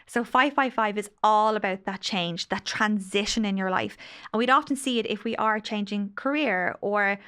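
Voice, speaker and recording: A woman's voice: mid-range voice, moderate pace, a bit bright. A woman in her late thirties, a podcast guest and angel healer, telling stories in an effusive, emotional way. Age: late 30s. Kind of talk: casual podcast conversation.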